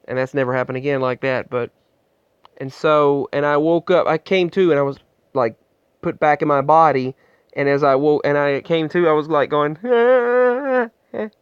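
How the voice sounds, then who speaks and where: A man telling his own story in a vlog, earnest and halting, often restarting his sentences, recorded on an earbud microphone indoors. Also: a little high, steady tone, clear, resonant tone, no echo. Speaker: vlogger. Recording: muffled, dull sound.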